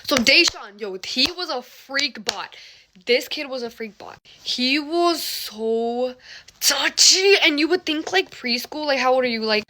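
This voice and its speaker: Bright, high-voiced young woman telling a story. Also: a little slow, a little hiss or hum. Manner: animated, dramatic, filler-heavy, swings into whispers and shrieks. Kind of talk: casual storytime.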